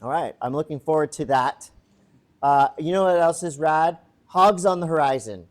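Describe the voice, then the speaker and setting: Higher-voiced man hosting a podcast. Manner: teasing, steers topics with quick questions. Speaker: podcast co-host. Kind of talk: casual podcast chat before a live audience.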